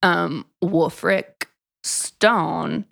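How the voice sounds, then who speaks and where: A woman's voice: lowish voice, drawn-out words, gravelly, a bit bright. A woman co-hosting a podcast, retelling a book's plot in casual chat, full of "like". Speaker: podcast co-host. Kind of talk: casual book-review chat.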